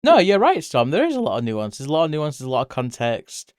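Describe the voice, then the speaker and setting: Chatty British streamer with a smooth voice. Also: male voice, on the high side, quick pace, dry recording, studio quality. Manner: rambling and chatty, laughs often, voice jumps up when excited. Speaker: livestreamer. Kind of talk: casual live-stream chat, answering chat.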